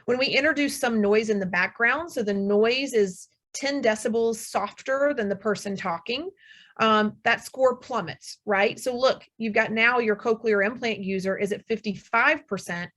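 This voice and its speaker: A woman's voice: fairly high pitch, normal speed, fairly bright tone. Middle-aged woman explaining test scores. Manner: explanatory, reassuring, frequent ums. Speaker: audiologist lecturer. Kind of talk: webinar presentation. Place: room with air conditioner hum.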